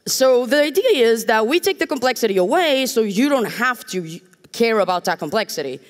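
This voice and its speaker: A woman's voice: on the high side, lively intonation, normal speed. A woman from Portugal giving a conference talk on a stage, joking and candid with wry asides. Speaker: conference speaker. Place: large conference hall. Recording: hall reverb from a stage.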